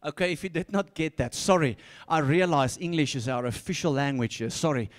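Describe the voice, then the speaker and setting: A man preaching a sermon, swinging between soft asides and loud, repeated calls, often laughing and stumbling over his words. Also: fairly high pitch, brisk. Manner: laughs often, stumbles and restarts when fired up. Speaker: pastor.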